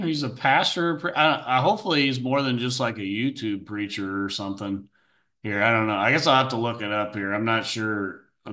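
A man commenting on a video clip in a sarcastic, disbelieving way. His voice is bright and forward. He keeps mocking what he has just heard. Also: lowish voice. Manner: sarcastic, incredulous. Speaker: commentary host. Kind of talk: reaction commentary.

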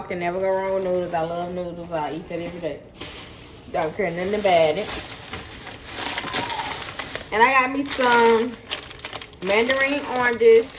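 A woman vlogging at home in her kitchen, chatting casually to her viewers and repeating points for emphasis. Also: medium pitch. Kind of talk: casual chat to camera. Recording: noisy home recording.

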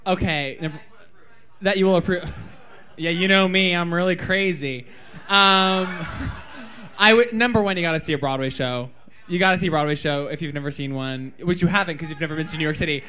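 A man, a drag queen answering fan questions at a live viewing party, giggly, excitable and silly. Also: a little high, fairly quick.

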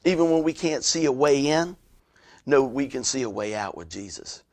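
A man's voice: mid-range voice, lively intonation, moderate pace, a little mellow. A male pastor, preaching a conversational sermon with frequent asides to his listeners.

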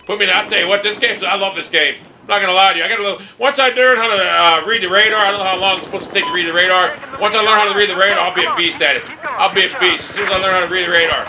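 High-voiced cursing gamer, excitable. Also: male voice, rapid-fire, a little hiss or hum. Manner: profane, excitable, yells in frustration. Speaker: gamer playing a shooter. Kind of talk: live gameplay commentary. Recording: game music and gunfire behind.

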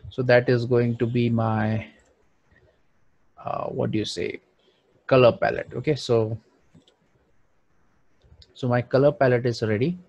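A man's voice: medium pitch, level tone, a little slow, vocal fry, pauses often, a little mellow, dry recording, dull audio. A man thinking aloud with frequent fillers as he narrates a screen-recorded design tutorial. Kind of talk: screen-recorded software walkthrough.

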